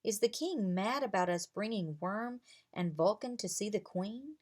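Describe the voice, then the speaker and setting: A woman's voice: mid-range voice, animated, measured pace, a little mellow. A woman voicing an earnest young boy who rides dragons, wondering aloud in a read-aloud storybook.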